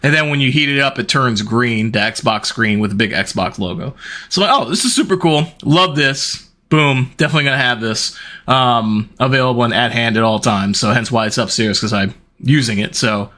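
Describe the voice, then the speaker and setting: A middle-aged man chatting casually on his stream, telling stories in an animated, rambling way. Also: moderate pace. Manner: animated, rambling storytelling with big pitch jumps and laughs.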